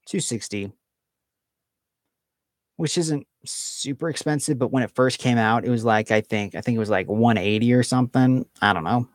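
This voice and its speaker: A man's voice: mid-range voice, normal speed, no room sound. Guy streaming from home, rambly and casual, lots of likes and ums, mid voice, dry close mic. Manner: rambling, filler-heavy, with frequent restarts. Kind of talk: casual live-stream chat reading viewer comments.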